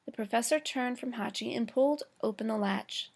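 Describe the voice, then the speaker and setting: Woman teacher, higher voice, reads a chapter aloud to the class, slow, fixes her own slips. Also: vocal fry, darkish tone. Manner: slow, careful reading with small stumbles and self-corrections.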